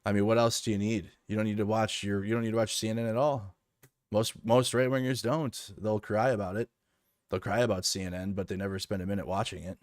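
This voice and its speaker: A man's voice: lowish voice, little pitch movement, fairly quick, a little mellow. A man giving casual, sarcastic reaction commentary on political news, rambling with frequent restarts.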